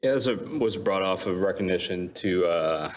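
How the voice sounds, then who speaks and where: A man's voice: sits low, lively intonation, normal speed, slight background noise. A man on a city council, speaking earnestly with many fillers at a meeting, into a desk microphone in a council chamber.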